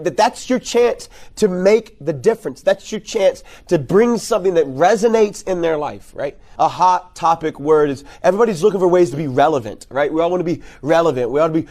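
Animated guy talking to youth leaders at a conference, voice on the higher side, jokey, lots of "right?". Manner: animated, conversational, keeps asking "right?"; jokey, repeats key words for emphasis. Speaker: youth ministry conference speaker. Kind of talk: conference talk to youth workers.

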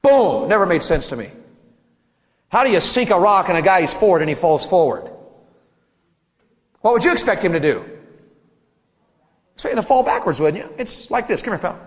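A man from Tennessee preaching a sermon to teenagers, telling stories animatedly with sudden loud shouts. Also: high voice, expressive, normal speed, pauses often. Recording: long reverb of a big hall.

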